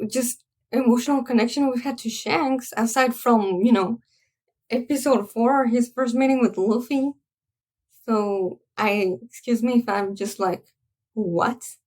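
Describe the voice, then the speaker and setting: Woman reviewer, higher-pitched, unhurried delivery, earnest and halting, searching for words. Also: darkish tone. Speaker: anime reviewer. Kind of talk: casual spoken film review.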